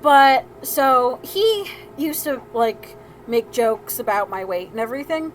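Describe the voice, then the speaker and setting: Chatty high-voiced woman telling a story. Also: expressive, measured pace, soft background music, poor audio. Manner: chatty and rambling, with frequent laughs and restarts. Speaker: soapmaker hosting a live stream. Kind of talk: casual storytelling while crafting.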